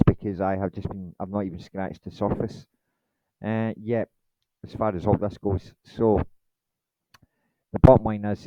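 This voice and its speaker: A man's voice: deep voice, no room sound, highs cut off. A man hosting his channel in a rambling late-night monologue, blunt and swearing, with many ums. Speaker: channel host.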